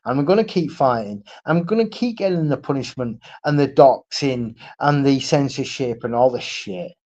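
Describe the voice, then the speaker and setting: A man's voice: medium pitch, expressive, moderate pace, darkish tone, lo-fi sound. A man ranting on his own live stream, blunt and profane, repeating himself and asking "right?" again and again. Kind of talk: solo livestream rant.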